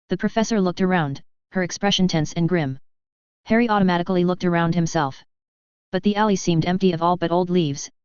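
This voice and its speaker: A steady audiobook narrator with a very clear voice and an even, measured delivery. The recording is dry and slightly dull. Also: medium pitch, dry recording. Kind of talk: audiobook narration of fan fiction.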